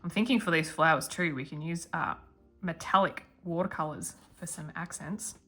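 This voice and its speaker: A woman's voice: sits low, normal speed, sharp tone, soft background music. A woman hosting a guided coloring tutorial, chatting and mumbling to herself as she works. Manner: chatty, mumbling self-talk while working.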